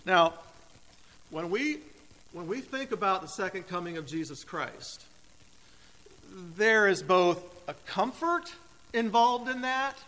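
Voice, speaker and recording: A man preaching a sermon as pastor, emphatic and deliberate, with dramatic pauses. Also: high-pitched, lively intonation, pushed and bright. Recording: reverberant hall.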